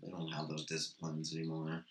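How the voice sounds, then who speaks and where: A man guesting on a casual podcast, giving his views in a measured way. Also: very deep voice, monotone, a little hiss or hum. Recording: roomy echo.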